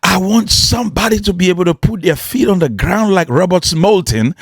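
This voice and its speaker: A man preaching and storytelling with an emphatic, rhetorical drive. His fairly high voice swings widely in pitch and has a husky texture. The recording is dry and close. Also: animated, fairly quick, few pauses, dry recording. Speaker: motivational preacher.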